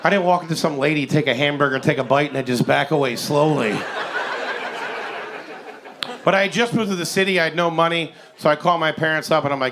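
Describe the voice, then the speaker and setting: A man in his forties performing a stand-up comedy set on stage, with an animated, incredulous, ranting delivery. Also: fairly high pitch, fast talker. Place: comedy stage before a live audience.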